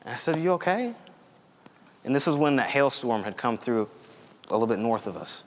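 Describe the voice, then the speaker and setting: A man's voice: medium pitch, brisk. Young man preaching in a reverberant hall. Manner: earnest, conversational preaching with storytelling. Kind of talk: sermon.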